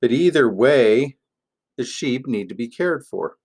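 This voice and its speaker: A man, a pastor, giving a gentle, playful family sermon in an object-lesson style, with many pauses as he tells a story. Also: mid-range voice, lively intonation, breathy edge.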